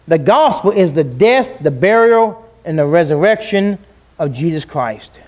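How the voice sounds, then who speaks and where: A man preaches in a high, ringing voice. He is emphatic, leans on rhetorical questions, and pauses to let points land. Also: lively intonation, darkish tone, lo-fi sound. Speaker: pastor. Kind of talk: sermon.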